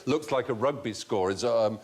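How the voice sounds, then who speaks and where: A man's voice: medium pitch, normal speed, a little mellow. A man hosting a comedy panel show, playful and storytelling, laughing as he explains facts. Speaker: quiz show host. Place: TV studio with audience.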